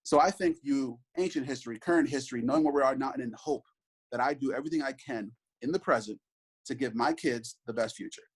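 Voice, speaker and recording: A man's voice: mid-range voice, quick pace, breathy edge, poor audio. A man in his thirties, a father, talking earnestly in an interview, reflective and full of restarts and asides. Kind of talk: conversational interview.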